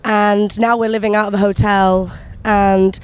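A woman's voice: medium pitch, flat delivery, unhurried, smooth. A woman with an English accent, candidly complaining in a casual street interview outdoors.

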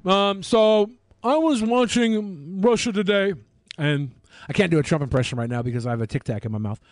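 Man, podcast host, crude jokes, high voice, dry close sound. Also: normal speed, dry recording. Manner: crude, joking, sarcastic asides. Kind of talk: casual commentary chat.

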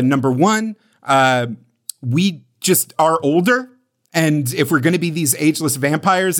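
Casual podcast co-host, male, slightly higher pitch, rambling and self-deprecating. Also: a bit bright. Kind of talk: casual chat.

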